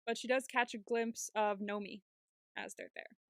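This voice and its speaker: A woman's voice: medium pitch, fairly even intonation, normal speed, dry recording, studio quality. A woman co-hosting a podcast, recapping a TV episode in casual chat, acting out the characters' lines and laughing often. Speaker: podcast co-host.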